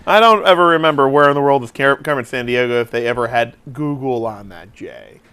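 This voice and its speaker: A man's voice: mid-range voice, fairly quick, bright, forceful tone, clean tone. A man co-hosting a casual comedy talk show, joking around animatedly and swearing freely. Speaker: co-host.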